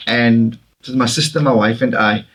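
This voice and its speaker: A South African man with a Cape Town accent chats as a guest with quick, lively energy, slipping into little acted-out quotes as he tells stories. His voice sits in the middle of the male range. He sounds a step back from the microphone. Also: mid-range voice, slightly rough, far from the mic, poor audio. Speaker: comedian guest. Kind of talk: animated interview chat.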